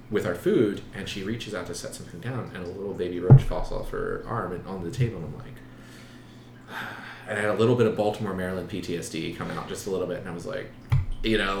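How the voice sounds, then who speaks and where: A man in relaxed conversation who tells stories with energy and breaks into laughter a lot. His voice sits a little low, and the room around him adds a noticeable echo. There is a faint hiss underneath. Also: gravelly. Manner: animated storyteller, laughs a lot. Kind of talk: casual chat. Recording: roomy echo, faint background noise.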